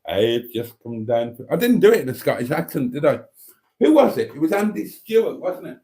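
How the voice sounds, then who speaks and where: Lively-pitched man reading chat. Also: brisk. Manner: reads chat aloud, sings snatches of songs, groans and mutters asides. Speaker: livestream host reading viewer comments. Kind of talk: casual livestream chat.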